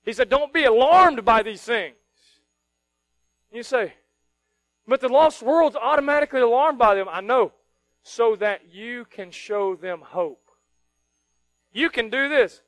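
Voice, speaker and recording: A male pastor preaching a sermon, switching between quiet earnest stretches and loud mocking outbursts. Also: very high-pitched, measured pace, pauses often, no echo, soft background music, poor audio. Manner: animated, mocking voices of worried people, rising to shouts.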